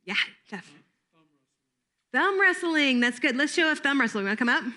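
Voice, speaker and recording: A woman's voice: high-pitched, animated, normal speed, sharp tone. A middle-aged woman giving a playful camp training talk to volunteers, laughing often and breaking into made-up jingles.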